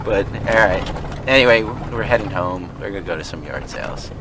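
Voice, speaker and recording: A man's voice: lowish voice, expressive, moderate pace, background noise. A man vlogging casually from a car, joking, laughing often and mimicking friends in silly voices. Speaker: reseller vlogger. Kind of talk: casual car vlog chat.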